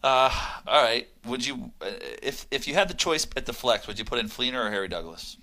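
A man's voice: medium pitch, fairly quick, pushed and bright. A man co-hosting a fantasy football radio show, reading listener emails aloud in a wry, casual way.

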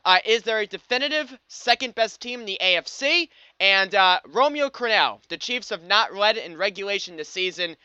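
Reading a scripted sports podcast monologue, a young US host sounds upbeat and wry and leans on frequent fillers. His voice sits high and is expressive and sharp, with a clear, resonant tone, and he talks at normal speed with hardly any pauses. The dry podcast audio is slightly dull.

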